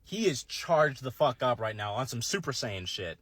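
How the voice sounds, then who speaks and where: A man's voice: mid-range voice, big pitch swings, a bit bright, husky. Laid-back man in his thirties telling a story. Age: 30s. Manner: laid-back, drawling, slows for emphasis. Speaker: storyteller in a social media clip. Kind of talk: casual confessional storytelling.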